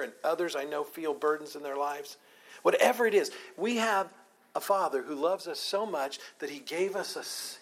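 A man leading a Bible study, teaching with emphatic, repeated phrases. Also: a little high.

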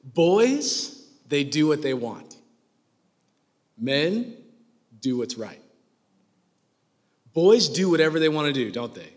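A man's voice: a little high, sing-song, slow, long pauses. A man in his twenties preaching a sermon in a joking, conversational way. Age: 20s. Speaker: pastor. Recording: long hall reverb.

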